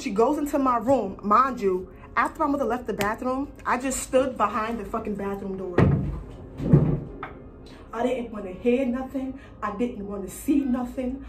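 A young woman vlogger telling a personal story in a casual, animated, profane and slangy way. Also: on the high side, normal speed.

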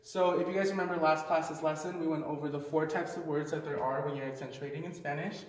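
A man's voice: a little high, fairly even intonation, quick pace. A man teaching a Spanish lesson in a casual, explanatory way. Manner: casual, explanatory, uses fillers. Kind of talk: classroom lesson. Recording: echoey room, mic far off.

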